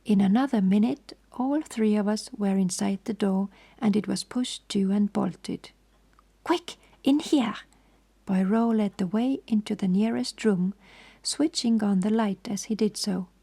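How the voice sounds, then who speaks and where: A woman reads a bedtime story in a soft, hushed whisper. Her voice is husky and dark with a creaky, gravelly texture. She keeps an even, calm pace. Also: mid-range voice, normal speed. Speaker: sleep-story reader.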